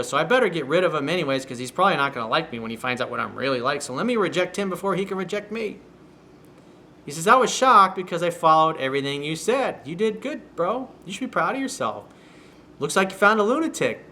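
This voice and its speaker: A man's voice: fairly high pitch, sharp tone, slight background noise. A man giving dating advice as a coach, reading out a viewer's email and answering it in a blunt, profane, sarcastic way. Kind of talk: solo video newsletter commentary. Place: home room with workers outside the window.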